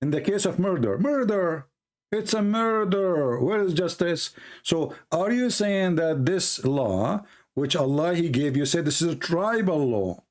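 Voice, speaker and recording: A man's voice: fairly high pitch, animated, measured pace, a little mellow. Arabic-accented man, hammering questions. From Middle East. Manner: pressing, repeats questions. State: losing his voice, coughing. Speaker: debate host. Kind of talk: heated online debate.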